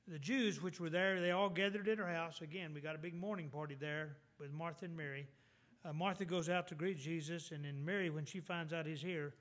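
A man's voice: fairly high pitch, a bit bright. A man preaching a sermon in a church, reading scripture and retelling it in plain, folksy talk.

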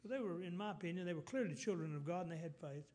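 A middle-aged man, preaching a folksy sermon with halting restarts. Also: high voice, a little mellow.

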